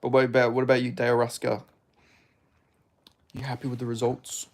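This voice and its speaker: A man's voice: medium pitch, monotone, fairly quick. An Australian man streaming and reading chat aloud, with blunt, profane, laid-back banter. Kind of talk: casual livestream chat.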